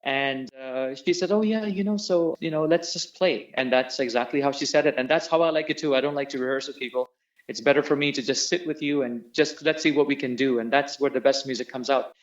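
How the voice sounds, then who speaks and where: A man's voice: mid-range voice, fast talker. A middle-aged man tells his stories as an interview guest, bringing them to life by acting out the voices he quotes. His voice sits in an ordinary middle register. The audio is dull and lo-fi, as over a remote call. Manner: animated storyteller who acts out quoted voices. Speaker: interview guest, tabla player and singer. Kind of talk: storytelling in an interview.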